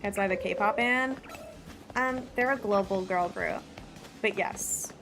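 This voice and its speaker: A woman's voice: mid-range voice, takes it slowly, over music. A woman streamer chatting casually with her live chat, blunt, swearing freely and laughing often.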